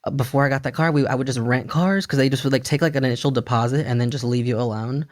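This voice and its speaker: A young man telling stories on a podcast in a loose, animated way, full of fillers and acted-out quotes. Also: medium pitch, fast talker. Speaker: podcast guest. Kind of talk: casual storytelling about addiction recovery.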